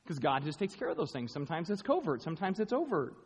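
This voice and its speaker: A man preaching a sermon to a room of people, animated and playful, acting out quick voices and jokey asides. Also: high-pitched, slightly rough. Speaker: pastor. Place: large room with an audience. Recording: long hall reverb.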